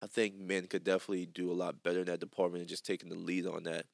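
A man's voice: sits low, little pitch movement, rapid-fire, gravelly, no room sound, clean studio sound. A young man with a Louisiana accent hosting a podcast, chatting casually and joking, with lots of fillers. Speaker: podcast host. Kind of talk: casual chat.

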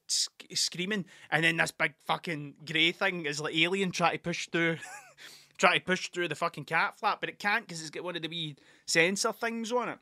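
A man's voice: fairly high pitch, bright, forceful tone, no room sound, studio quality. A man telling a rambling, sweary story in a casual podcast monologue, laughing as he goes. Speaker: podcast host and artist.

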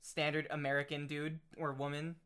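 An easygoing man with a slightly high voice, chatting casually and laughing often. His tone is relaxed and conversational. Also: moderate pace, smooth. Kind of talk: casual chat.

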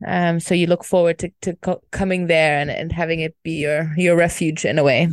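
A woman co-hosting a podcast, talking casually in a gentle, hesitant way with frequent pauses and fillers. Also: low voice, fairly even intonation. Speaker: podcast co-host.

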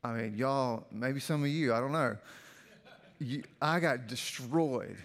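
A man's voice: medium pitch, takes it slowly. A male pastor telling a personal story in a sermon, candid and conversational, with many filler "like"s. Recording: long hall reverb.

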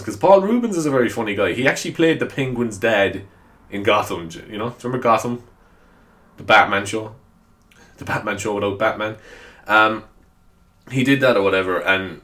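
Guy rambling on his own podcast, kinda low voice, laughing at himself a lot. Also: fairly bright tone. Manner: rambling, self-deprecating, laughs often. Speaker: podcast host. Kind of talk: casual solo podcast chat.

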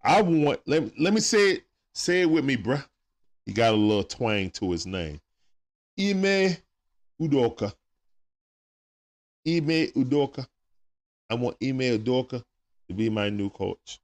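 A man's voice: mid-range voice, lively intonation, normal speed. A young man hosting a live stream, chatting casually with viewers and reading their comments in a laid-back, slangy way.

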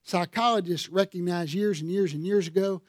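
Pastor preaching, folksy storyteller, fairly high voice, dry close sound. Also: male voice, normal speed, no echo. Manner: folksy storytelling, rising to fervent emphasis. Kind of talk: sermon.

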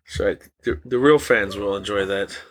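A man's voice: lowish voice, moderate pace. A young man co-hosting a podcast, joking around and laughing a lot. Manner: giggly, joking. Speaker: podcast co-host. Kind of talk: crude casual podcast banter.

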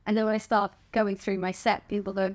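A middle-aged woman with a southern English accent talks openly in a relaxed interview. Her voice sits at an ordinary middle pitch, and she swears casually and laughs easily as she speaks. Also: a little fast. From England. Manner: frank and chatty, swears casually, laughs often. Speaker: podcast guest, stand-up comedian. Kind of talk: candid conversational interview.

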